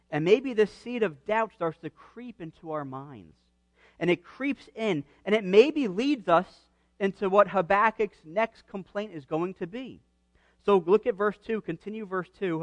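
Male preacher, high voice, dry close sound; earnest, fervent sermon delivery. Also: a bit bright, dry recording. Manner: earnest, rising to fervent emphasis on quoted cries.

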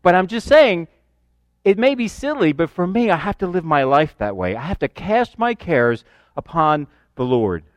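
Older male pastor, high voice, dry close mic, animated self-deprecating storyteller. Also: moderate pace, no echo. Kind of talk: sermon.

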